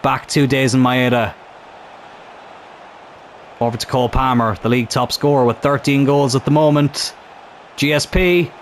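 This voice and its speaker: A man's voice: medium pitch, moderate pace, long pauses, a little hiss or hum. Chatty man commentating gameplay. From Ireland. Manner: chatty, breaks into excited shouts at big chances and goals. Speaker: gaming YouTuber commentating his own match.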